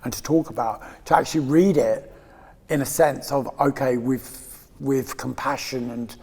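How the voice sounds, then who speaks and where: A man's voice: medium pitch, steady tone, moderate pace, gravelly, a little mellow, slightly rough, big-room sound. A man in his fifties from England, guest in a candid interview, talking in a rambling, emotional way with frequent laughs and restarts. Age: 50s.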